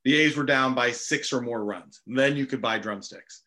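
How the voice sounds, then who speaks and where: A man hosts a casual chat and tells lively stories. His voice is bright and forceful. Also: medium pitch, normal speed. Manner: storytelling, animated anecdotes. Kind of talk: casual conversation.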